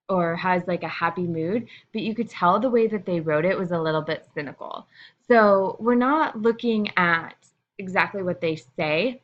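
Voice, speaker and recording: A woman's voice: medium pitch, lo-fi sound. A woman teacher explaining a lesson to her students in a casual, chatty way, with frequent fillers.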